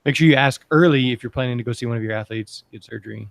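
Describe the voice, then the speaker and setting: A man's voice: medium pitch, very fast, vocal fry. A man hosting a sports medicine podcast, chatty and upbeat, drifting into side stories before steering back. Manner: chatty, upbeat, rambling asides. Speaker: podcast host. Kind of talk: casual panel discussion.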